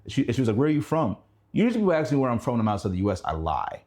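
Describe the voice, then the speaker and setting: A young man telling stories in a casual chat, animated and laughing, his voice jumping up when excited. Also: very fast. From Indianapolis. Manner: animated, laughing storyteller who rises high in pitch when excited. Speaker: guest. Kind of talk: casual storytelling.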